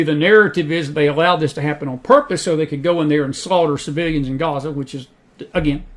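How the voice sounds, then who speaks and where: A man from South Georgia with a Southern accent, hosting faith-based news commentary in a folksy, emphatic way that repeats key phrases. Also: fairly high pitch. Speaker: host.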